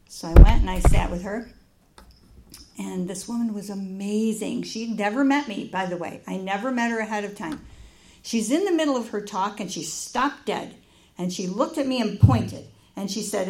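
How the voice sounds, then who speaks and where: A woman preaching in a church, telling a personal story with lively acted-out dialogue. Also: mid-range voice, normal speed, vocal fry. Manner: animated storytelling, acts out dialogue.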